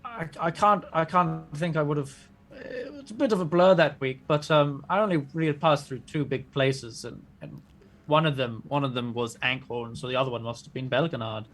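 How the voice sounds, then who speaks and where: Slightly high, stammering man player. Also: moderate pace, a bit bright. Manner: hesitant, stammering in character. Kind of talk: tabletop role-play.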